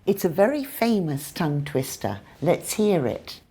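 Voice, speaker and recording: A woman with a British accent teaching English pronunciation, modelling sounds clearly and carefully. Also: low voice, big pitch swings, unhurried, dark tone, slight background noise. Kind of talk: pronunciation lesson.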